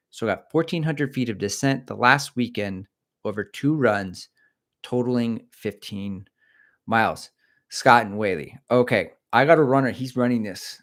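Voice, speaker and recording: A man's voice: fairly low pitch, fairly bright tone. A middle-aged man hosting a casual livestream, reading out viewer comments and chatting in a rambling, self-deprecating way.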